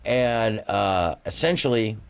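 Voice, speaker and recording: A man's voice: lowish voice, animated, slow, gravelly, clear, resonant tone. A man hosting a casual call-in livestream, rambling, apologizing often and laughing easily. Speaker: livestream host.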